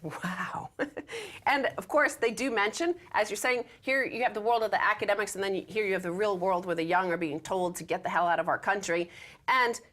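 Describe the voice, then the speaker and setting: A woman's voice: medium pitch, fairly quick, a bit bright. A woman co-hosting a show, commenting on the news and reading out articles in a dry, wry way. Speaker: show co-host.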